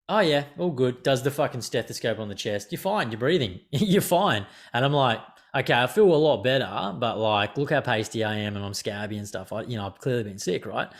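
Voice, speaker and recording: A man hosting a podcast, telling a story in casual chat, swearing and animated. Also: mid-range voice, quick pace, few pauses. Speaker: podcast host.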